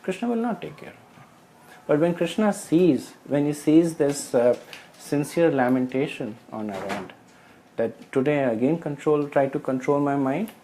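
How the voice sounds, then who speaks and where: A man's voice: medium pitch, dark tone, a little hiss or hum, low-quality recording. A man sharing realizations in a scripture study group, hesitating often and explaining through everyday analogies. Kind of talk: casual spiritual sharing.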